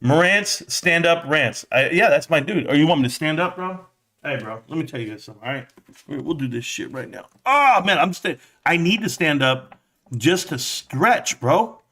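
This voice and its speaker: A man's voice: a little high, lively intonation, moderate pace, sharp tone. A middle-aged man hosting a casual live stream, brash and joking as he trash-talks, out of breath.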